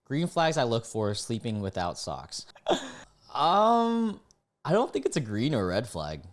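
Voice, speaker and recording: A young man reading dating app posts aloud and reacting casually, laughing and breaking into sudden high-pitched disbelief. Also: big pitch swings, normal speed.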